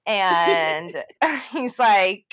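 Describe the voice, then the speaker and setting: A woman's voice: mid-range voice, very slow. A woman co-hosting a podcast in casual chat, telling stories animatedly with many "like" fillers. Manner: animated storyteller, many "like" fillers, laughs often. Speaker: podcast co-host. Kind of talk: casual chat recapping a TV show.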